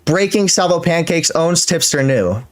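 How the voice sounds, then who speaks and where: A man's voice: a little high, animated, moderate pace. A man hosting a live stream, arguing in disbelief, swearing freely and leaning on fillers as he pushes his questions. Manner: incredulous and profane, full of fillers and laughs. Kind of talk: heated live-stream argument.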